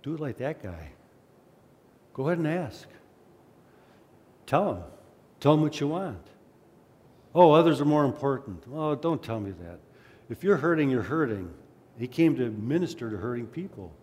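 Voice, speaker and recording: A man's voice: mid-range voice, moderate pace, long pauses. A man preaching a sermon who reads scripture aloud, acts out its cries, and talks through it in a conversational way. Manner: animated, acts out the crowd's and beggar's cries; conversational asides. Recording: long hall reverb.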